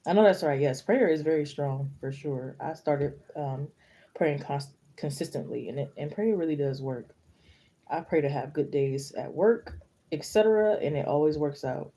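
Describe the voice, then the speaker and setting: A young woman talks casually to her live-stream viewers as a tarot reader. Her voice is soft and mellow, and she rambles from story to story, padding her speech with fillers. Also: sits low, moderate pace.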